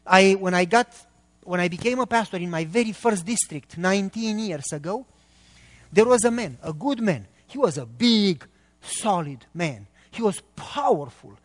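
A man's voice: high voice, animated, moderate pace, big-room sound. A middle-aged man, preaching a sermon as a pastor and quizzing the congregation with emphatic questions.

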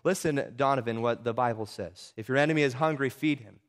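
A man voicing a calm, gently joking father in a story he reads aloud during a sermon. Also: mid-range voice, a little fast, close to an everyday voice. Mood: gentle. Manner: calm, teasing.

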